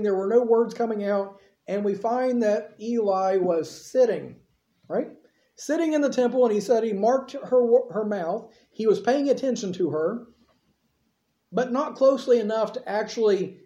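A preacher delivering a sermon in an easy, conversational storytelling manner, with offhand asides. The voice is mellow and dark. It echoes through a church and sounds a little dull. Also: medium pitch.

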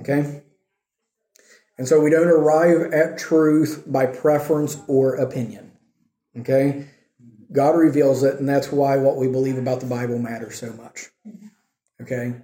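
A man's voice: mid-range voice, steady tone, measured pace, pauses often, dark tone. A man preaching a sermon in a conversational teaching style, often checking in with his listeners. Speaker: pastor. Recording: echoey room.

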